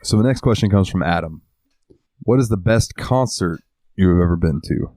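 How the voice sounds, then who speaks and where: A man with a very low voice tells long rambling stories as a podcast co-host, cursing casually as he goes. The sound is dry and close, with no room around him. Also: lively intonation, moderate pace, a little mellow, no room sound. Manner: swears a lot and rambles through stories. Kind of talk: casual chat.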